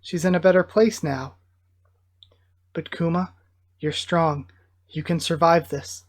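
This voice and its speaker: A streamer reading out a comic's gentle captive father in a near-plain voice. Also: medium pitch, steady tone, slow pace. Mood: consoling. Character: gentle enslaved father comforting his son.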